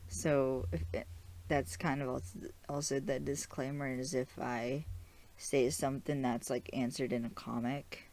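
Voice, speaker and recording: A woman's voice: very deep voice, flat delivery, a little slow, darkish tone. A young woman hosting a podcast, giving a chatty, rambling episode recap full of "like"s. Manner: chatty, rambling, with frequent "like" and restarts. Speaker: podcast host.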